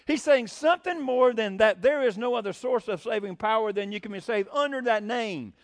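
A man's voice: sits high, fairly quick, no room sound, clean studio sound. A man preaching a sermon, folksy and blunt, with sarcastic asides.

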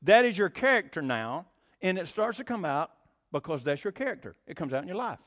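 Man preaching; high, very expressive voice, acts out voices, keeps asking the room questions. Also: a little fast. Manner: animated, acts out quoted voices, laughs often; rhetorical questions to the congregation. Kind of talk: sermon.

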